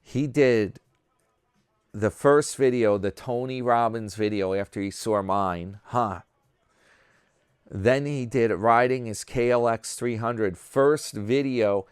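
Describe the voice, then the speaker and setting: A man's voice: mid-range voice, takes it slowly, smooth, dry recording, clean studio sound. A man from New York talking casually to his subscribers, rambling and mocking himself. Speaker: vlogger host. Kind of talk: casual chat.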